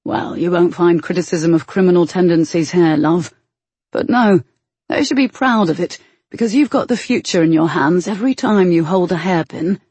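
A gruff, brooding man who speaks low and teasing in a storybook scene, as a woman narrator puts him on. The voice is husky and dark, with a dry, close sound. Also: animated, moderate pace, dry recording. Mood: wry.

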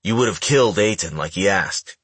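Male reader voicing a grave young crime-clan boss, low and husky, audiobook. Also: expressive, brisk, fairly bright tone, no room sound. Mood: grave, stern. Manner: firm, somber.

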